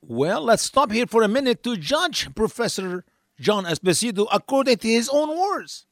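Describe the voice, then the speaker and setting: A man's voice: very high voice, very animated, normal speed, a bit bright. A man giving commentary between clips of a lecture, talking in an insistent, lecturing way.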